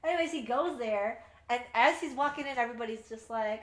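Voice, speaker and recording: A woman co-hosting a podcast, chatting casually about a book, animated and swearing as she acts out the characters' lines. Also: fairly high pitch, quick pace, reverberant. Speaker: podcast co-host. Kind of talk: casual book review chat.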